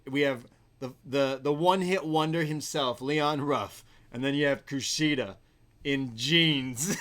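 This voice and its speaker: A man's voice: on the high side, lively intonation, a little slow, a bit bright. A man co-hosting a podcast, casually recapping a show move by move and laughing often. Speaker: podcast co-host. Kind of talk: casual wrestling recap chat.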